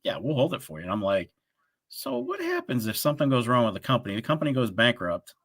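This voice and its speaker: A man chatting on a live stream with a bright, forceful voice that swings widely in pitch. He tells stories with energy and acts out the other people's lines. The sound is close and dry. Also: fast talker, dry recording. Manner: animated storyteller, acts out callers' lines. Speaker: co-host of a livestream show. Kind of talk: casual chat.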